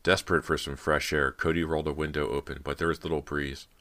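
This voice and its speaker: A man reading a horror novel aloud as narrator, telling it in a measured, steady way. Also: rumbling low. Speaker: audiobook narrator.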